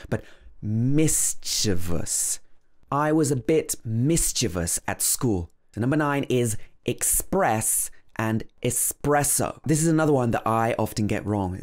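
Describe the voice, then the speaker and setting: A man's voice: on the low side, a little mellow. Man carefully sounding out words. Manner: slow, careful demonstration of words, repeated over and over. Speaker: English pronunciation teacher. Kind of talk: pronunciation lesson.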